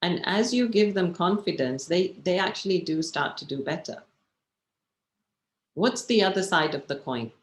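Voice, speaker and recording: A woman's voice: low voice, roomy sound. A woman meditation teacher giving a chatty, encouraging workshop talk over a video call, often checking in with her listeners.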